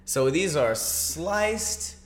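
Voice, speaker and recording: A man's voice: fairly high pitch, sing-song, drawn-out words, a crowd in the background. A man co-hosting a podcast, reading internet stories aloud and joking wryly. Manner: reads stories aloud, wry, laughs often. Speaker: podcast co-host. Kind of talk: casual comedic chat.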